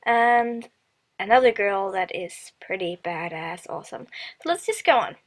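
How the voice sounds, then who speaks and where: A woman's voice: medium pitch, a little slow, rough recording. A woman hosting a let's play from a computer mic at home, chatting casually, giggling and reading the game's text aloud. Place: house with family around. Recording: music playing behind.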